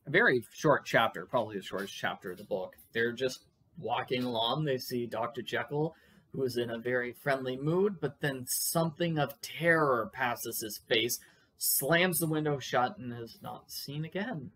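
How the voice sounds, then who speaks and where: A man's voice: medium pitch, normal speed, fairly bright tone, husky. A man reading a classic novel aloud, with chatty, musing comments between chapters. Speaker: audiobook reader.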